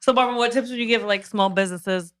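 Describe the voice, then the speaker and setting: A woman's voice: fairly high pitch, quick pace, clear, resonant tone. A woman co-hosting a podcast, telling stories and asking questions casually. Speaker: podcast co-host.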